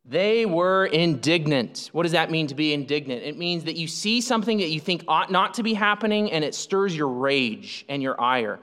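A man preaching a sermon as pastor, animated, acting out the people in the passage he explains. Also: a little high, moderate pace, hardly any pauses. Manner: animated, acts out the speakers in the passage. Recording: long hall reverb.

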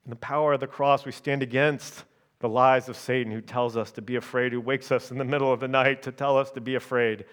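Man preaching, emphatic and measured. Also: medium pitch. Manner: checks in with the congregation through repeated tag questions. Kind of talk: sermon.

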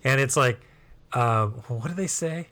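A man's voice: mid-range voice, a little slow, fairly bright tone. A man co-hosting a podcast, joking around in casual, profane banter. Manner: jokey, profane, goofy bits. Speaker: podcast co-host. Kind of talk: casual chat.

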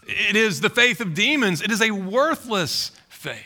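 A man's voice: high voice, expressive, a little slow, few pauses, bright, forceful tone. A male pastor preaching a sermon, earnest and emphatic, repeating key phrases for weight.

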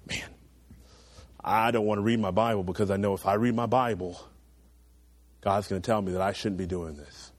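Fairly quick in his delivery, a young preacher earnestly urges teenagers in a sermon, getting loud and then easing into quiet, low asides. There's no room sound.

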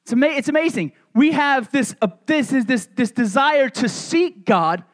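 Male pastor, middle-aged, very high voice, casual jokey sermon delivery. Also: animated, normal speed. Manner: humorous, conversational preaching with asides.

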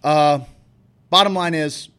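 A man's voice: on the high side, slow, a bit bright, clean tone. A man co-hosting a podcast, talking in a heated, emphatic rant full of swearing. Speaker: podcast co-host. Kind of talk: casual profane rant.

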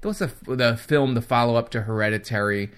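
Jokey mid-pitched man hosting. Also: brisk, smooth. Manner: jokey, playful asides, hesitant. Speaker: podcast host. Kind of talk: casual chat.

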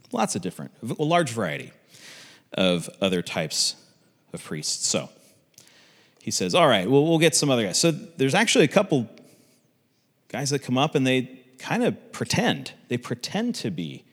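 Lively low-voiced man teaching, long reverb. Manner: conversational, animated storytelling with asides. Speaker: Bible teacher. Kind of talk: casual Bible teaching.

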